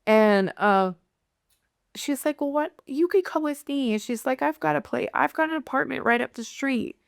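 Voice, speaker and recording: A woman's voice: high-pitched, animated, moderate pace, gravelly, no room sound, studio quality. A young woman from Nebraska, a podcast guest telling her own story in a candid way, acting out the voices of the people she quotes. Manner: candid, acts out quoted voices, many fillers. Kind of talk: personal storytelling in conversation.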